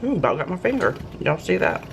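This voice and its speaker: Speaking quickly in a sing-song way with some vocal fry, this fairly low-pitched woman is a home cooking vlogger chatting casually to camera. She's folksy and gushes over fresh food at home, with kitchen noise from clattering pots and dishes behind her.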